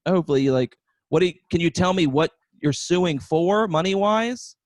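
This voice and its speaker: A man's voice: a little high, animated, moderate pace, a little mellow, no echo, studio quality. A young man doing a self-mocking, profane stand-up set over a video call, laughing at his own jokes. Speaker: stand-up comedian.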